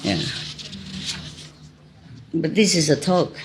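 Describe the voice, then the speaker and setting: A middle-aged woman, a spiritual teacher, gives an informal talk, chatting and laughing often while telling stories in simple non-native English. Her low voice is slow and sing-song, with slight background noise.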